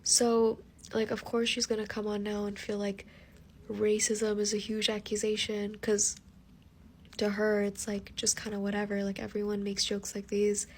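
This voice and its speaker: Woman, casual commentary, gravelly fry, faint background noise. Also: mid-range voice, monotone, moderate pace. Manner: frequent "like" fillers, matter-of-fact.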